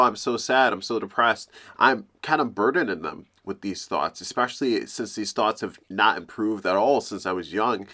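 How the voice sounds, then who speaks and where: A young man speaking openly and haltingly, breaking off and restarting as he talks about hard feelings. His voice is low-ish in pitch but with a very bright edge, recorded close on a camera mic. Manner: halting, emotional, open. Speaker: vlogger. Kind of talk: confessional talk to camera.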